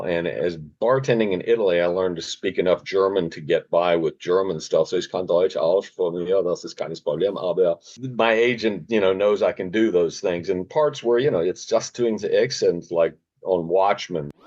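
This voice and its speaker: Male actor guest, low husky voice, easygoing storyteller, muffled podcast sound. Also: normal speed. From Richmond. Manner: relaxed, self-deprecating, slips into other languages. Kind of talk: casual anecdotal storytelling. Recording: dull lo-fi podcast audio.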